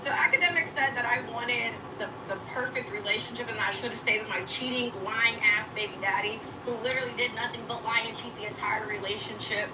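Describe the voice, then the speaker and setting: A woman with a slightly high voice scolds and swears defiantly on a livestream. Her voice sounds distant and echoey, with clear background noise in the stream audio. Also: fast, few pauses. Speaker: livestreamer addressing critics. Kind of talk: confrontational livestream rant.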